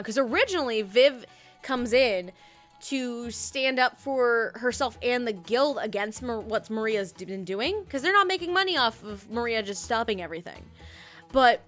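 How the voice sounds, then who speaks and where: A woman's voice: fairly high pitch, fairly bright tone. A woman hosting a casual podcast chat, rambling and self-correcting, laughing often. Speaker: podcast host reviewing an audio drama.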